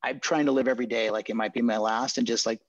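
A middle-aged man chatting quickly as a podcast guest, full of restarts and self-corrections. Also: medium pitch, fairly even intonation, no room sound, dull audio. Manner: fast, restless talker with many restarts. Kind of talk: casual interview chat.

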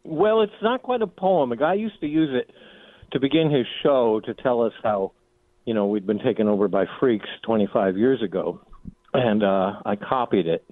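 A man's voice: mid-range voice, moderate pace, no room sound. Meandering male caller on phone. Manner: chatty, meandering, hesitant. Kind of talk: casual chat on call-in radio. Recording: tinny phone line.

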